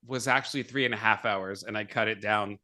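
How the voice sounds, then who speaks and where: Guy hosting a horror movie podcast, bright sharp voice, laughs a lot. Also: on the low side, fairly quick. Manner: animated, laughs often, self-deprecating. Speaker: podcast host. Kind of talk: casual podcast chat.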